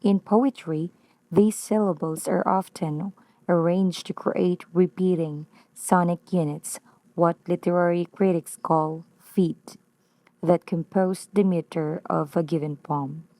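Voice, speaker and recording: A woman with a Filipino accent reads a prepared lesson at a slow, deliberate pace. Her voice sits a little low and mellow, recorded dry and close. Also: fairly even intonation, no echo. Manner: slow, careful, deliberate reading. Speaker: student presenter.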